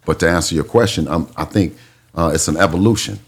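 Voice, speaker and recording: A man who is a boxing trainer, speaking earnestly in casual chat with halting fillers. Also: low-pitched, slight background noise.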